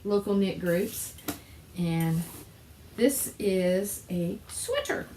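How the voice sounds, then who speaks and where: Relaxed knitting podcast woman, echoey room. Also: mid-range voice, drawn-out words, slight background noise. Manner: chatty, laughs easily, trails off mid-sentence. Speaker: podcast co-host. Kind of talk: casual chat. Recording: echoey room with faint ambience.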